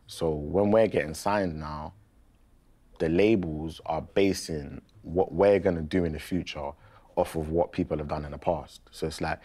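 A young man tells a story on a podcast, his voice sitting very low. He talks in an animated, slangy way and keeps repeating his point for effect. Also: normal speed. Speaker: podcast guest.

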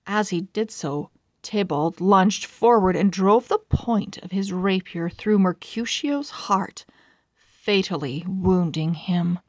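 A woman reading a children's storybook aloud in a calm, measured way. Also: mid-range voice, no echo, clean studio sound. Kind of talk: children's book read-aloud.

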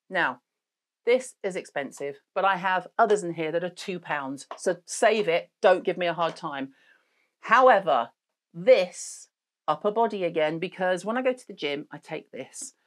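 A woman's voice: on the low side, animated, moderate pace. Blunt, sweary woman host. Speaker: beauty show host. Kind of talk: casual chat reviewing products.

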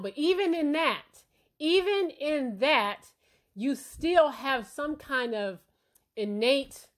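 A woman who is a parent hosting a casual opinion commentary, talking bluntly and emphatically and often checking in with her listeners. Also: fairly high pitch. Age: adult parent. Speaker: commentary channel host.

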